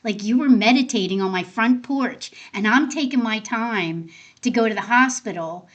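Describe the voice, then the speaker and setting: Woman telling animated personal stories. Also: on the high side, moderate pace, dull audio. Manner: animated, acts out quoted dialogue in her stories. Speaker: guest, end of life doula. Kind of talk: casual conversational storytelling.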